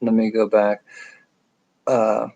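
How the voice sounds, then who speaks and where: This host's voice sits on the low side, gravelly and mellow, delivered slowly in a monotone on a rough recording. A middle-aged man with a nasal upstate New York accent, he reads viewer comments during a casual late-night home livestream, rambling with jokes and self-deprecating remarks.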